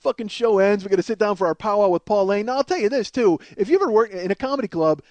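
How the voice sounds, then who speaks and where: A man in his forties with a high voice, telling a comic story in an animated way and swearing freely. He laughs through his own tale, and the recording is close and dry with no room sound. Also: fast talker, dry recording. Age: 40s. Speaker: comedian and podcast host.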